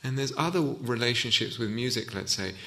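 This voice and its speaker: A man's voice: mid-range voice, fairly quick, bright, forceful tone. A man giving a reflective Dharma talk as a meditation teacher in a hall, often restarting and searching for words.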